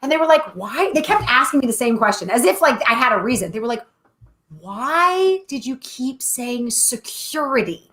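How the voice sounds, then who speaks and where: Bright, lively young woman, high voice, swoops all over, storytelling in a casual live chat. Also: normal speed. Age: young adult. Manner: animated storyteller, shrieks and laughs often. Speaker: co-host.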